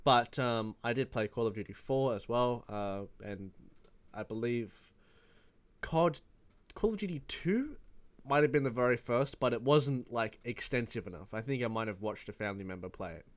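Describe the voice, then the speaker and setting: A young Australian man in his early twenties rambles through a casual gaming vlog, swearing freely and laughing at his own stories. His pitch sits at an ordinary male middle. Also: moderate pace. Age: around 20. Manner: rambling, profane, laughing storyteller. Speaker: gaming YouTuber.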